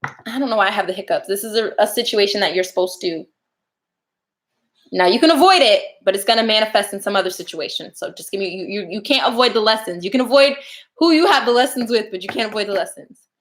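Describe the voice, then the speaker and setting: A woman's voice: medium pitch, fast, a little hiss or hum. A woman giving casual live tarot readings, chatty and laughing often as she talks to viewers. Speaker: tarot reader.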